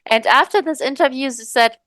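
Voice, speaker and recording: A woman's voice: sits high, brisk, fairly bright tone. A woman co-hosting a podcast in casual chat, thoughtful and rambling, with many fillers and restarts. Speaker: podcast co-host.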